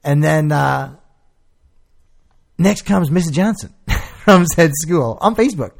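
Gravelly man telling stories animatedly. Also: on the high side, slow pace. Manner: animated storytelling, acts out quotes, swears freely. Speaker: podcast co-host. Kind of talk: casual chat.

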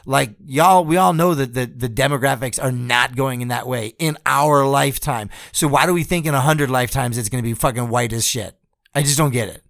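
A man's voice: medium pitch, a little fast, creaky, a bit bright, no room sound, studio quality. A man co-hosting a podcast, ranting in a casual, sarcastic and profane way. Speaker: podcast co-host. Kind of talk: casual chat.

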